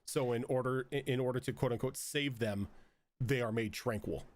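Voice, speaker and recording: Game master man, mid pitch, rambling narration with lots of fillers. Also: normal speed, no room sound.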